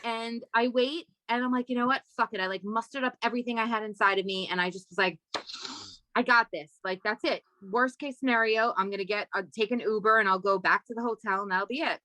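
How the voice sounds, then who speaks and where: Young adult woman, comedy writer guest, animated raunchy storyteller, sharp bright voice, dry close sound. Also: quick pace, no echo. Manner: animated, swears a lot, acts out quoted voices high and loud. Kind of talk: casual storytelling on a podcast.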